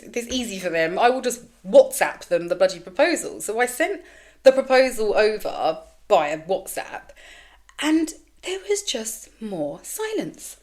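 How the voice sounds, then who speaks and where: A middle-aged woman telling a candid story as a podcast host, animated and sweary, acting out quoted voices. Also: medium pitch, measured pace. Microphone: camera with mic, solo recording.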